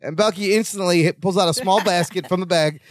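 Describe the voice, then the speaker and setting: A man's voice: sits high, fairly quick, no room sound, studio quality. A man co-hosting a podcast, playfully chiming in while recapping a sitcom episode. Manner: playful, jokey interjections. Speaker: podcast co-host. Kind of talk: casual recap chat.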